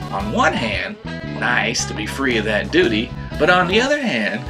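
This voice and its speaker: A man narrating a family travel vlog in a dry, self-mocking tone. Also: medium pitch. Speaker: vlogger and father. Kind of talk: scripted narration. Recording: voice-over with music behind.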